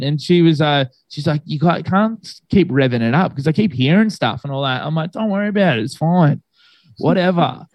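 A young man tells a story in a loose, rambling way, full of fillers and asides. His voice sits a little higher than most men's. The sound is close and dry, with no room around it. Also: dry recording, muffled recording. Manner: rambling, laid-back storytelling with many fillers. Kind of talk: casual chat.

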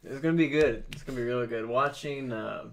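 A man's voice: mid-range voice, fast, gravelly, a little hiss or hum. Young man, podcast co-host, laid-back, short replies, lots of fillers. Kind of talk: casual chat.

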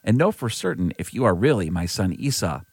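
A man's voice: deep voice, very animated, brisk, husky, dry recording, heavily acted. A man voicing an aging father giving his son a blessing, in an earnest, lightly voiced scripture reading.

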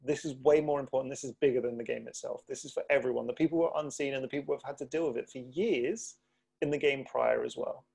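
A man's voice: medium pitch, fairly even intonation, quick pace, creaky, darkish tone, slightly rough. A man co-hosting a podcast in casual chat, talking in an indignant, emphatic way. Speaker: podcast co-host.

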